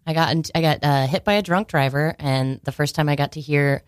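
A woman's voice: low-pitched, a little fast, clean tone, dry recording, studio quality. A woman co-hosting a casual chat, teasing and joking as she tells stories. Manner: teasing, joking, mimics accents.

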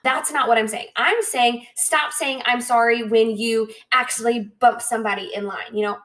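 Chatty, bright-voiced woman podcast host. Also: on the high side, moderate pace, hardly any pauses. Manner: chatty, frequent "like" and "right?", animated quoted asides. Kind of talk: casual podcast monologue.

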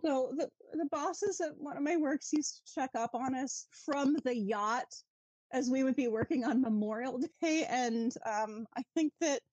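A woman co-hosting a podcast in a casual chat, wry and sweary with quick asides. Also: high-pitched, darkish tone, no room sound, dull audio. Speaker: podcast co-host.

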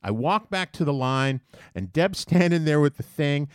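Profane, animated male storyteller. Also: fairly high pitch, normal speed, clear, resonant tone, no echo, studio quality. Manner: animated, profane, mimics people in his story. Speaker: podcast host telling a story. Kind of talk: casual storytelling chat.

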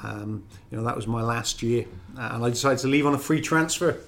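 A Welsh man who is a former footballer, giving measured, reflective football analysis. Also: mid-range voice, vocal fry, slight background noise. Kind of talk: casual football punditry.

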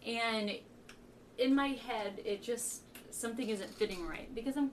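A woman's voice: fairly high pitch, a little slow, recorded from a distance, slight background noise. A woman co-hosting a casual comic review chat, talking in a hesitant, self-deprecating way. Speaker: podcast co-host.

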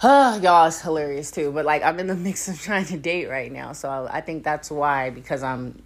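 A woman's voice: deep voice, moderate pace. A young woman hosting her own podcast, chatting casually and candidly, swearing freely and laughing often. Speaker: podcast host. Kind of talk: casual solo podcast chat.

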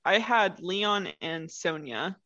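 Animated woman co-host, dull dry sound. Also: on the low side, takes it slowly, no room sound. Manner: animated, uses "like" a lot. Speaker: podcast co-host. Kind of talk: casual podcast chat.

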